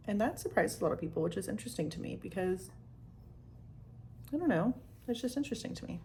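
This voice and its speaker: A woman's voice: mid-range voice, lively intonation, quick pace, pauses often, darkish tone, a little hiss or hum. A young woman chatting through a makeup tutorial in a rambling, casual way, full of "like" and the odd swear, sometimes dropping to a near-whisper. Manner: rambling, filler-heavy, frequent "like", swears casually. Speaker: vlogger.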